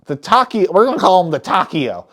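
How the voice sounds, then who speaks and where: A woman giving a casual, spoiler-filled movie recap, excitable and swearing often, who breaks off her phrases mid-thought. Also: lowish voice, fairly quick. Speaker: movie reviewer.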